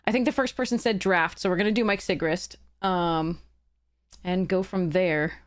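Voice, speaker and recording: A woman's voice: fairly low pitch, normal speed. A woman game streamer chatting live with her viewers, earnest and heated, often stopping to apologize.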